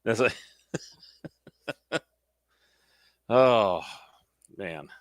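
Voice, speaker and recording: A man's voice: on the low side, extremely slow, no room sound, clean studio sound. Laughing man chatting about movies. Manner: laughs often, animated quoting of scenes. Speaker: podcast co-host. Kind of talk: casual chat about movies.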